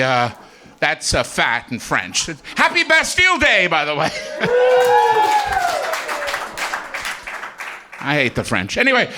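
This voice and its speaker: A man's voice: high-pitched, sharp tone, slight background noise. A man doing a stand-up comedy set on a comedy club stage, telling self-mocking jokes and chuckling through his punchlines.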